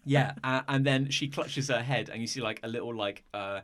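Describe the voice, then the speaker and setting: A man's voice: mid-range voice, normal speed, fairly bright tone. A man running a tabletop role-play as game master, narrating in a chatty, rambling way.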